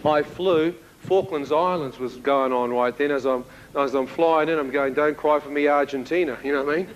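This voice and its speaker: A man from New Zealand with a New Zealand accent, telling his testimony as a sermon and acting out the dialogue in an animated way. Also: a little high, moderate pace, dull audio, slight background noise. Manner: animated storyteller who acts out dialogue, with laughs. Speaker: preacher giving a testimony.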